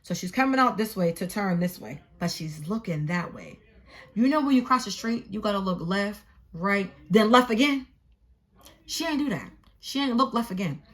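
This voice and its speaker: A young adult woman telling a storytime in a casual, animated, profane and exasperated way. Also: medium pitch, normal speed. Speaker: vlogger.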